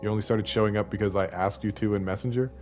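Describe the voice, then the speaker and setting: A Canadian man in his late 30s, with a Canadian accent, streams a video game and jokes casually with viewers over music. His voice is lowish and steady, and he talks fast, often poking fun at himself.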